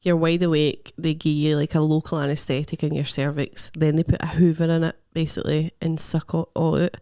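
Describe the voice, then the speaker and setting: A woman's voice: low-pitched, level tone, brisk, warm tone, clean tone, dry recording, studio quality. A Scottish woman co-hosting a podcast, telling a personal story frankly in casual chat, with blunt swearing and easy laughs. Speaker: podcast co-host.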